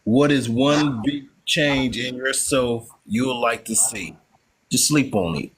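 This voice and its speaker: A man's voice: mid-range voice, takes it slowly, a little hiss or hum. A man co-hosting a podcast panel, laid-back and slangy as he poses a question. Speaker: co-host. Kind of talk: casual chat.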